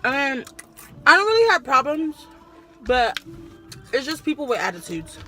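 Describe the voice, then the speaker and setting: A young woman who talks casually over a meal, acting out each customer as she tells her work stories. Her voice sits high and sounds bright. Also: moderate pace, faint music behind. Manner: animated storyteller who acts out customers' voices. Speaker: vlogger and sandwich shop worker. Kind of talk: casual chat while eating.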